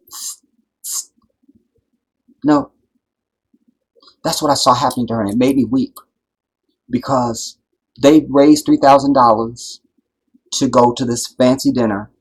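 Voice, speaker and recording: A man hosting a live stream, talking in an impassioned, preachy way that builds to loud, emphatic peaks and keeps checking that his listeners follow. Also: mid-range voice, fairly even intonation, measured pace, pauses often, breathy edge, poor audio. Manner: preachy, builds to loud emphatic peaks, keeps asking "you see what I'm saying". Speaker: livestream host.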